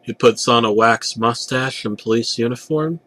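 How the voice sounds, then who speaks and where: A man's voice: mid-range voice, moderate pace, a bit bright, dry recording. A young man narrating a parody creepypasta with a sarcastic, profane delivery.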